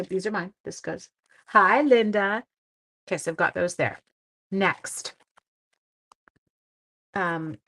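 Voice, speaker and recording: A woman's voice: lowish voice, pushed and bright. A middle-aged woman hosting a casual craft live stream, chatting to viewers and greeting them by name as she works. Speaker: stamping demonstrator and live stream host.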